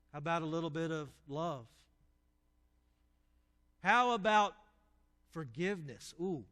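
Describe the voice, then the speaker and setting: A pastor with a high, slightly bright voice delivers a sermon in a church sanctuary. He tells stories and puts questions to the congregation, and the recording carries the long reverb of a church hall.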